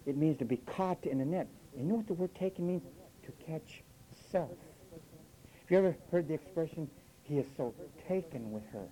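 With poor audio, a man whose voice is a little high delivers an emphatic sermon full of lively rises and drops. He often mimics his listeners, quoting them in mock voices.

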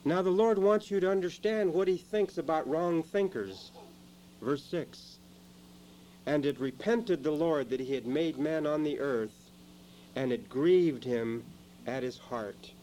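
Man preaching, dramatic swings from low to loud, warm mellow tone, faint hum behind. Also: unhurried, low-quality recording. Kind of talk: sermon. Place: church.

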